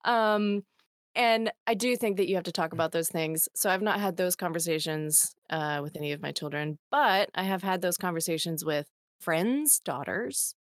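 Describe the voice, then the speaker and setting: A woman's voice: on the low side, normal speed, no room sound, clean studio sound. A woman from Arkansas co-hosting a podcast in casual chat, laughing often as she talks. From Arkansas, USA. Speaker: podcast co-host.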